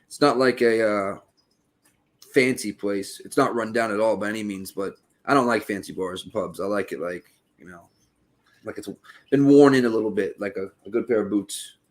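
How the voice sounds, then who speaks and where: Rambling Boston man, lowish voice. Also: moderate pace. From Boston area. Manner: rambling, swears freely, many restarts. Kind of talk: casual podcast chat.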